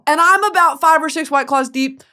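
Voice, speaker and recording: A woman's voice: high voice, fairly quick, bright, forceful tone. A woman from Texas hosting a podcast, telling a story as a comedic monologue in a profane, self-mocking way. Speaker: podcast host.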